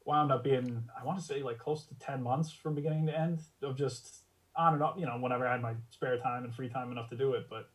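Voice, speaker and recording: A male guest chatting casually, telling things in a relaxed, rambling way with many fillers. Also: medium pitch, fast talker, rough recording. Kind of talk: casual chat.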